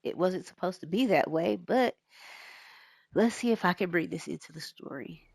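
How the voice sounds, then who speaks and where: A woman's voice: lowish voice, moderate pace, gravelly, slightly rough, no echo. A woman with a stuffy nose, chatting casually and rambling a little as she introduces her gameplay. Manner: rambling, relaxed, with fillers. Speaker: gaming YouTuber.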